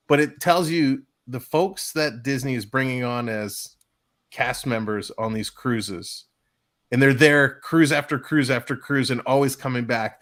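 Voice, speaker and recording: A man on a live travel chat with an ordinary middle-pitched voice. He speaks with upbeat enthusiasm and pulls the conversation together with his own conclusions. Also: a bit bright. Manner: enthusiastic, sums things up. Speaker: co-host of a travel show. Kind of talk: casual livestream chat.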